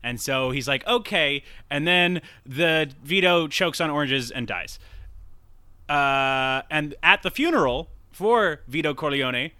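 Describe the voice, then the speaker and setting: A young man co-hosts a casual podcast, retelling a film in a loose, rambling way and slipping into the characters' lines. His voice is bright and swings widely in pitch. The sound is dry and close. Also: unhurried, no room sound. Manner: rambling, animated retelling with acted-out quotes and swearing. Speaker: podcast co-host. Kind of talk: casual film recap chat.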